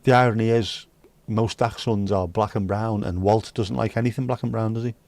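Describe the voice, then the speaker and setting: In a fairly low, slightly mellow voice, a male streamer keeps up casual banter with his chat, joking around and singing little fragments as he goes through their messages. His intonation stays fairly even and his pace fairly quick, with no echo.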